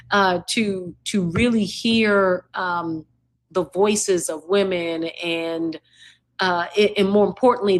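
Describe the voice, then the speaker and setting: A woman university president as a podcast guest, speaking warmly and reflectively. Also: lowish voice. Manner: warm, reflective, gushing praise. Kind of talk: casual interview chat.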